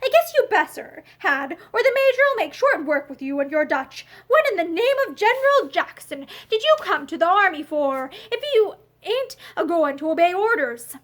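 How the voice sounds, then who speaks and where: Woman doing a drawly civil war soldier guy, high and bouncy. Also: sing-song, normal speed, few pauses, a bit bright, heavily acted. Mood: scolding. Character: drawling Union soldier Pointer, grown man.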